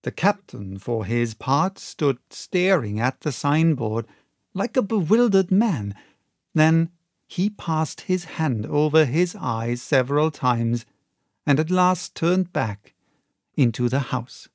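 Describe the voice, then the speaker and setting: A man reads a classic adventure novel aloud in a measured, expressive storytelling manner. He takes an unhurried pace and sits a little higher in pitch than most men. The recording is close and dry, with no room sound. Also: dry recording. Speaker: audiobook narrator. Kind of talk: audiobook reading of a classic novel.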